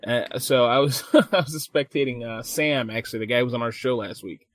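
A man co-hosting a casual podcast chat, swearing freely and telling animated stories. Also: mid-range voice, fairly quick, dry recording. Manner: profane, animated storytelling with mimicked voices. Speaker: podcast co-host.

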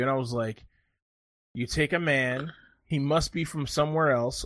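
A man with a bright, forceful voice chats casually as a podcast co-host. He jokes and rambles through his stories. The sound is dry and close. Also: mid-range voice, normal speed, long pauses, no echo. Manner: jokey, rambling storyteller. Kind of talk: casual chat.

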